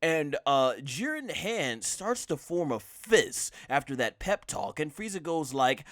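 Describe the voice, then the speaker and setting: A man's voice: a little high, very animated, a little slow, a bit bright, no room sound, studio quality. A man co-hosting a casual review discussion, recapping scenes with many fillers. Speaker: anime reviewer, co-host.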